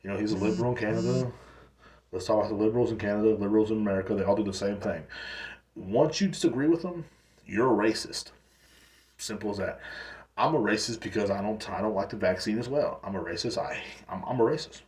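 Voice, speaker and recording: A man's fairly low, slightly mellow voice comes from a distance in an echoey room as he quickly rants on his solo podcast. The casual rant is profane and meandering, full of restarts.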